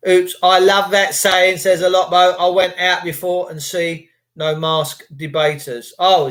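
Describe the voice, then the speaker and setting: A middle-aged Englishman delivers a crude, rambling monologue. He swears freely and mocks people. He often jumps up into high, mimicking voices. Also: fairly bright tone. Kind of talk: casual ranting monologue.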